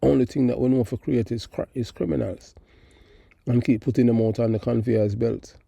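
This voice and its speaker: A man's voice: medium pitch, steady tone, moderate pace, vocal fry, dark tone, breathy edge, no room sound, lo-fi sound. A middle-aged man with a Jamaican accent hosting a call-in show, giving emphatic, rambling political commentary and moving between patois and standard English. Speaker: host of a call-in talk show.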